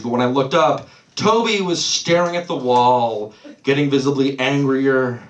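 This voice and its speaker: A man's voice: mid-range voice, far from the mic. A man doing a live stand-up set in a small club, loose and swearing, losing his place and laughing it off. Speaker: stand-up comedian. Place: small comedy club stage. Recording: roomy club sound from off-mic.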